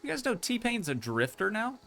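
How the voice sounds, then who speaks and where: A man's voice: sits high, big pitch swings, moderate pace, creaky, a bit bright, soft background music. A young man casually commenting as he builds in a game, chatting to his viewers and thinking aloud. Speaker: streamer.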